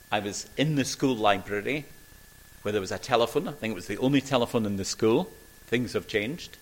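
An older man from Scotland, preaching a sermon and telling stories with emphatic pauses and voices for the people he quotes. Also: mid-range voice, fairly bright tone, low-quality recording.

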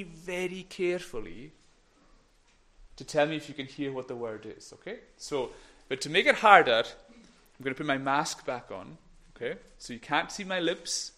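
A man with a high, light voice leads a children's talk in church. He is playful and encouraging, and at times sinks into a hush. He speaks into a microphone. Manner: playful, encouraging, drops to whispers. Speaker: minister giving a children's talk.

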